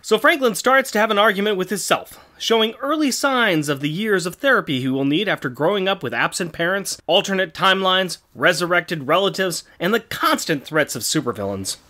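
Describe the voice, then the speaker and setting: A man narrating a comic-book recap for a podcast, his voice rising and falling in a lively way. He drops sarcastic, dry jokes between the plot beats. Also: high voice, a little fast, few pauses. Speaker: podcast co-host.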